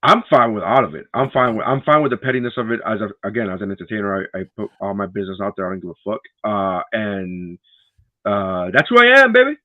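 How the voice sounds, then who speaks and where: A man comedian co-hosting a casual podcast, animated and profane, slipping into little voices for the people he quotes. His voice comes through thin and phone-like, in a dry space with no room echo. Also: fairly low pitch, fast talker, hardly any pauses. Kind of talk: casual chat. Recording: tinny phone-like sound.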